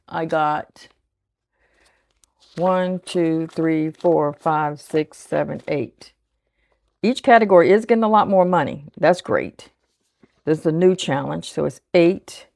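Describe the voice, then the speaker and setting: A woman in her sixties with a deep, low-pitched speaking voice talks casually through her budget, counting bills softly as she goes. The sound is close and dry, with no room around it. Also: no echo. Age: 60s. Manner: chatty, thinks aloud, counts bills under her breath. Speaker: budgeting vlogger. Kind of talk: casual chat while cash stuffing.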